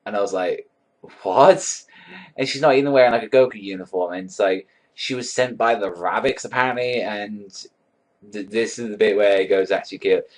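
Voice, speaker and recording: Guy ranting casually about an anime ep, lots of likes and swearing, lowish voice. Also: a little fast. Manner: rambling, swears a lot, many likes and fillers. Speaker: anime reaction vlogger. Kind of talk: casual episode review.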